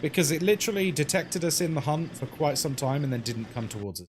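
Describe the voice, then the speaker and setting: Talking fast in a slightly high voice over a faint hiss or hum, this British streamer is playing a horror game live. His commentary is chatty and explanatory as he responds to chat, full of fillers such as "like" and "um."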